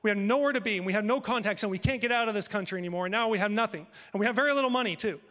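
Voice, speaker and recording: A male pastor telling a personal story in a sermon, acting out conversations with lively shifts of voice. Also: sits high, very fast, in a large hall. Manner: animated, acts out dialogue with God and his wife.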